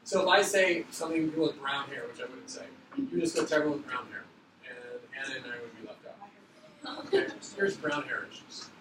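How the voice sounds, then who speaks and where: A man teaching a middle school class, explaining an activity in a loose, quick, joking way. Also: mid-range voice. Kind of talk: classroom instruction. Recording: echoey classroom, far from mic, background noise.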